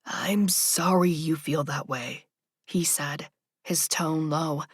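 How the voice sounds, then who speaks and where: A woman voicing an ambitious male politician, arguing in a hushed, tense way. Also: lowish voice, animated, unhurried, husky, no room sound, clean studio sound, full character voice. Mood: low, pleading.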